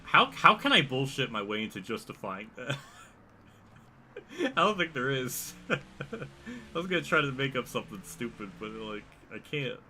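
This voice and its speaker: A man's voice: medium pitch, very animated, moderate pace, bright, forceful tone. A young man live-streaming a racing game, commenting on the race and joking with his chat, often laughing. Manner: laid-back, laughing banter with chat. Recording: faint game noise behind.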